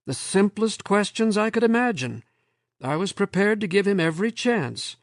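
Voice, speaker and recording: A man voicing a weary, stubborn male professor who speaks quietly but firmly. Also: sits high, lively intonation, moderate pace, no echo, clean studio sound, voice pushed up. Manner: tired, quiet, firm.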